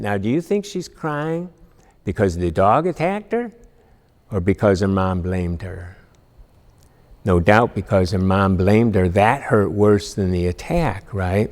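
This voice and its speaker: A man's voice: lowish voice, animated, measured pace, darkish tone, in a large hall. A man teaching an emotional resilience class, talking earnestly and asking the class questions as he reads a story aloud. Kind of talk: classroom lecture reading aloud.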